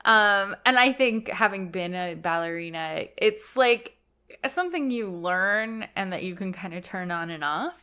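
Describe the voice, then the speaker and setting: A woman's voice: mid-range voice, lively intonation, measured pace, pushed and bright, clean tone. Easygoing woman co-host, lots of "like". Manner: easygoing, agreeable, heavy use of "like". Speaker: podcast co-host. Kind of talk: casual film discussion.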